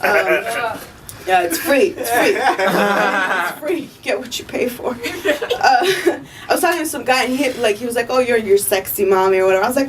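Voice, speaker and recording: A woman's voice: on the high side, moderate pace, far from the mic, a crowd in the background, low-quality recording. A woman doing a stand-up comedy set at a live show, brash and profane, often laughing at her own jokes. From Armenian family.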